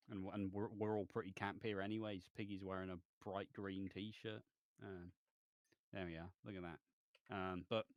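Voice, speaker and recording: A man's voice: deep voice, no echo, clean studio sound. A man co-hosting a podcast, rambling and hesitant in casual chat about a soap, with sudden bursts of exasperation. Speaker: podcast co-host.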